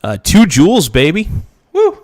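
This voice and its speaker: A man's voice: fairly high pitch, huge pitch swings, measured pace, a little mellow, dry recording, studio quality. A man hosting a livestream, giving blunt, mocking political commentary with rambling asides. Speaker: streamer host.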